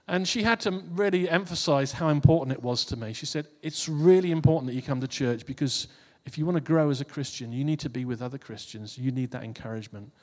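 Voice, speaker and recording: A man preaches to a congregation in an informal, conversational way, repeating and restarting phrases. His voice is on the high side and a little mellow, and he moves at a quick pace with hardly any pauses. The recording has long hall reverb.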